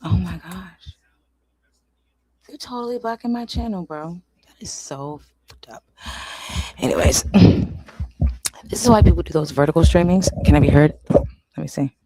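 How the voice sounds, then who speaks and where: Woman streamer, casual rant, low gravelly voice, dry close sound, swears and whispers asides. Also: measured pace, long pauses, warm tone, dry recording. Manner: frustrated, swears, drops to whispers. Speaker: livestream host. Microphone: desk microphone.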